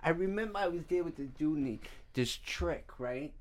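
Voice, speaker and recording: A man with a high-pitched voice hosts a casual podcast chat, spinning a crude story with plenty of swearing. He talks in an animated, loose way and laughs as he goes. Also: normal speed. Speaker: podcast host.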